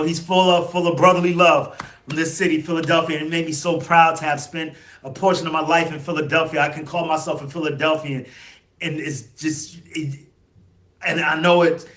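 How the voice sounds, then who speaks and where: A man hosting his own fan channel, talking in rambling, heartfelt commentary with lots of fillers and sudden excited outbursts. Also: on the high side. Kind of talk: emotional solo fan commentary.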